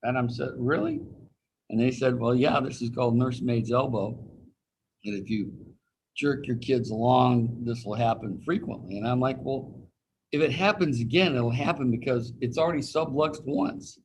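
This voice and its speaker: Over a rough recording with a little hiss or hum, a man with a mid-range, darkish voice speaks at normal speed. He teaches anatomy on a video call in a relaxed, folksy manner, adding personal stories and voicing the people he quotes.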